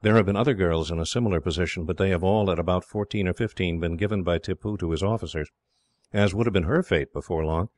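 A man's voice: low-pitched, fast talker, a little mellow, dry recording, natural voice. A man voicing an earnest, cheerful young English officer.

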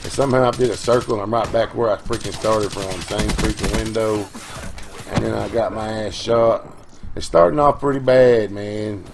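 A middle-aged man, tired from no sleep, giving rambling, folksy, profane gameplay commentary with quick outbursts. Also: lowish voice, vocal fry, heavy background noise. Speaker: gaming channel host.

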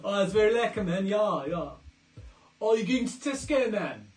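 A man putting on a South African accent as a laid-back, cheery bloke, talking loud and drawn out. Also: high-pitched, lively intonation, normal speed, reverberant, far from the mic, voice pushed up. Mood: jokey. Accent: put-on South African.

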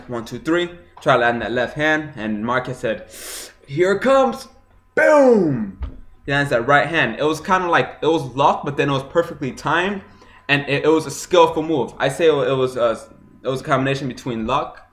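A young man giving a casual, excitable recap of a boxing fight, swearing often and acting out punches with sound effects. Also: mid-range voice. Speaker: boxing vlogger.

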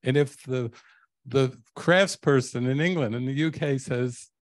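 A man's voice: medium pitch, a little slow, no echo. An older man, a spiritual teacher, telling stories to a live audience and laughing often. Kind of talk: storytelling talk to a live audience.

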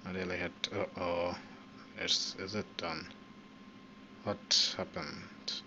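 Low-voiced man swearing through gameplay. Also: slow pace, vocal fry. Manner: excitable, swears often at the game. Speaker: gaming channel host. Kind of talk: casual live gameplay commentary. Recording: dull lo-fi mic with steady background noise.

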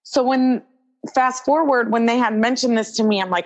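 A young adult woman, a wrestler as interview guest, telling a story in animated casual talk, acting out quoted dialogue with lots of "like" fillers. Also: on the high side, normal speed, low-quality recording.

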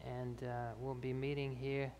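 A man's voice: medium pitch, monotone, unhurried, a little mellow, a little hiss or hum. A man answering health questions after a talk in a church hall, explaining with fillers and restarts. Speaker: health speaker. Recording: reverberant church hall, faint ambience.

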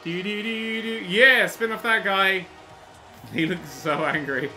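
A man commentating on a video game he is playing, excitable and sweary with jokey exclamations. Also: sits high, slow pace. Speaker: gaming YouTuber. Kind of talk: let's-play commentary. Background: faint game music.

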